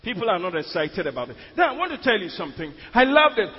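A man from Ghana preaching a sermon as pastor, moving from quiet storytelling to shouted declarations. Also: high voice, very animated, fast, husky. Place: church sanctuary. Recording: dull recording in a long-reverb church hall.

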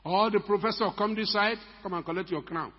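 Older husky-voiced pastor preaching in a hall. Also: male voice, high voice, fairly quick. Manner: emphatic, rhetorical questions to the congregation. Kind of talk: sermon. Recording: echoey hall, dull lo-fi sound.

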